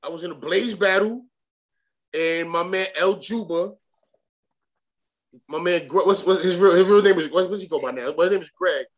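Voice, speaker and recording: A man's voice: high voice, moderate pace, pauses often. A young man, telling a rambling, profane story as a guest in a casual interview, full of restarts and slang. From Brooklyn, New York. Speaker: guest rapper.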